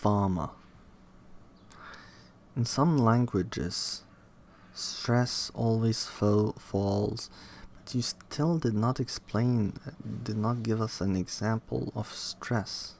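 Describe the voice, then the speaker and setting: A man reading aloud from a linguistics textbook, halting, restarting words and questioning the text as he goes. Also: fairly low pitch, fairly even intonation, darkish tone, slight background noise. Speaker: reader studying a linguistics textbook. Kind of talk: reading aloud with self-commentary.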